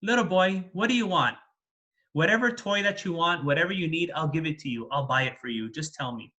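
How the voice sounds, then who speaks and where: A man's voice: a little high, brisk, bright, forceful tone, highs cut off. A man telling it as a grieving, remorseful father. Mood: generous. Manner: lamenting, self-reproaching, then scolding.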